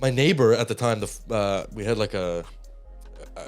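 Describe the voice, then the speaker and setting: A young man tells a story on a podcast in casual chat. He is animated and breaks into laughs as he goes. Faint music sits behind him. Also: fairly low pitch, moderate pace. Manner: animated, laughs while telling stories. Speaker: podcast co-host.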